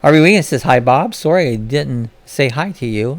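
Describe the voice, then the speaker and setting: A man's voice: medium pitch, expressive, normal speed. A man from Florida hosting a casual live-stream chat, reading viewers' comments aloud and answering them in a chatty way.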